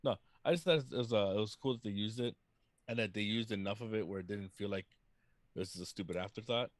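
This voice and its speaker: A man's voice: on the low side, quick pace, no echo. A man co-hosting a movie review podcast, chatting casually and cracking jokes. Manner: joking, laughs often. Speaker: podcast co-host.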